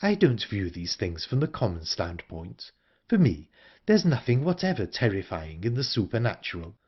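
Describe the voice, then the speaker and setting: A man voicing a calm, composed older woman in an audiobook, speaking in a measured way. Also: lowish voice, husky, lo-fi sound. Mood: calm, wistful. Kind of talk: audiobook character reading.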